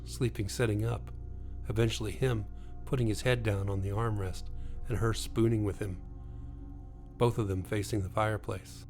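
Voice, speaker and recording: A man reading a scripted ghost story in a slow, steady storytelling manner. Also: fairly low pitch. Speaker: narrator.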